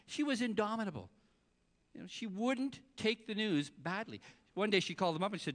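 Male pastor, sermon, fairly high voice, long hall reverb, storytelling, soft-to-loud swings. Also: animated, brisk.

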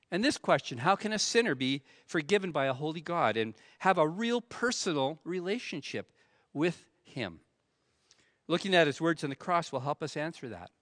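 A man preaching a sermon in an earnest way, swelling dramatically and then dropping to a hush. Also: a little high, dry recording, studio quality.

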